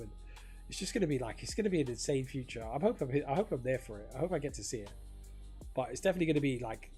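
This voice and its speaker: A man's voice: medium pitch, dark tone, slightly rough. A man talking casually to camera in a rambling, filler-heavy monologue, swearing freely. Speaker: crypto vlogger.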